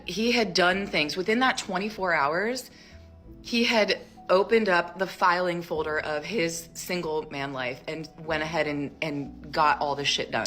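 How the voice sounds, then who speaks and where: A woman in her thirties telling a personal story in a casual, rambling way, full of "like", acting out quoted lines with sudden jumps up in pitch. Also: a bit bright. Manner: chatty, rambling, heavy use of "like". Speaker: storyteller in a social media clip.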